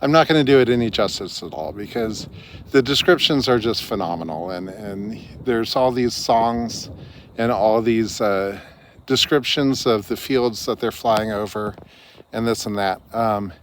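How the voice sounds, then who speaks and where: A man's voice: fairly low pitch, measured pace, slight background noise. A man talking through a book summary in a loose, conversational way, with frequent fillers and restarts. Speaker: book reviewer. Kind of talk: casual spoken book summary.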